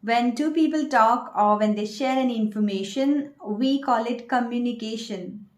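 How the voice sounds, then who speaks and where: Higher-voiced woman teaching pronunciation. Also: roomy sound. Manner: clear, deliberate, quizzing the viewer. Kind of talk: online pronunciation lesson.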